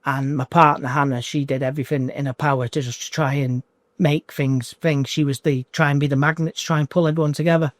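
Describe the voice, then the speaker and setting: A man in his forties in an emotional interview as a coaching client, talking in halting bursts that repeat and restart. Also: mid-range voice, level tone, no echo. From United Kingdom. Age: 40s.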